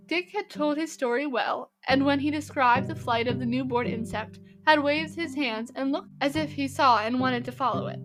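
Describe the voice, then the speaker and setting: A woman narrating a classic storybook in a gentle, even reading manner. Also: sits high, moderate pace, hardly any pauses, music in the background. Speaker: audiobook narrator.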